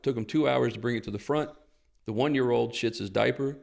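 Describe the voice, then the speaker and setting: A man with a gravelly, fry-heavy voice, guesting on a comedy podcast. His pitch sits in the middle of the range. He tells stories bluntly and swears freely. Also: fairly quick, darkish tone. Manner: blunt, profane storyteller. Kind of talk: casual comedy podcast chat.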